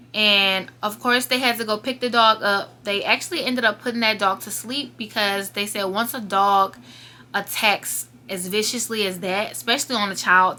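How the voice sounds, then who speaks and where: A woman's voice: mid-range voice, sharp tone. A young woman telling her viewers a painful personal story in a casual vlog, earnest and fighting back tears. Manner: earnest, emotional, talking straight to viewers. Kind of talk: emotional storytime monologue.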